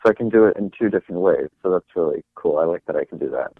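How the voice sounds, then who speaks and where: A young man with a lowish voice chats as an interview guest, stumbling through fillers and restarts. He comes through a tinny phone line with a dry sound. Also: lively intonation, very fast, vocal fry, breathy edge, no room sound. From New York. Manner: hesitant, many fillers and restarts. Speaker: guest actor. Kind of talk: casual interview chat.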